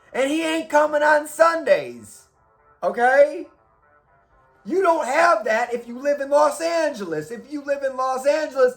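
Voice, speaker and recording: A man reviewing horror movies in a casual, argumentative monologue, full of rhetorical questions and the odd curse. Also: very high-pitched. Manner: animated, rhetorical questions, profane.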